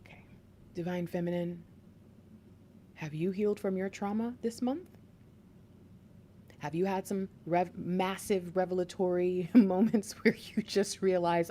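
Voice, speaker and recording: A woman gives an excitable tarot reading, talking straight to her viewers and dropping now and then into laughs and whispers. Her voice sits on the low side for a woman. A faint hiss runs behind her. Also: a little slow, long pauses. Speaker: tarot reader.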